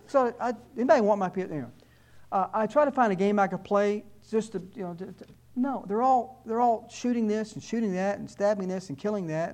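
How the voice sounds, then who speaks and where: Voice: mid-range voice, darkish tone. Informal talk: conversational speaker warning an audience, stumbling restarts, dry humor, mid-range voice. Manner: conversational, repeats words when starting sentences, wry asides.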